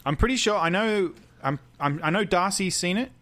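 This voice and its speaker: A man's voice: sits high, normal speed, a bit bright. Hesitant man cohosting. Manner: hesitant, restarting phrases. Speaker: podcast co-host. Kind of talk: casual chat.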